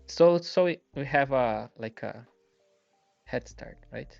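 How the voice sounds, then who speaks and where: A man's voice: mid-range voice, slow, vocal fry, a little mellow, no echo, highs cut off, faint music behind. A man, a guest artist, chatting casually and thinking aloud as he paints live. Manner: thinks aloud while working, hesitant.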